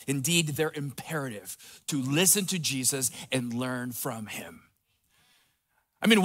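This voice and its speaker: A man pastor giving a conversational sermon, dropping soft and low for tender quotes.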